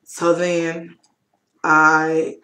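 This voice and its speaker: A woman's voice: low voice, monotone, drawn-out words, bright, forceful tone. A young adult woman telling a personal story on her webcam vlog, candid and emotional, with lots of fillers. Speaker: vlogger. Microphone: webcam mic.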